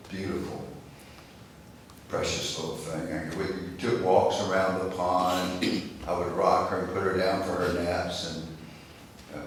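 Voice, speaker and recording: An older man giving a storytelling speech to a breakfast gathering, folksy, acting out the voices in his tales. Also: low voice. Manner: folksy, acts out dialogue in stories. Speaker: guest speaker. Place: chapel hall. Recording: echoey room from far off with faint noise.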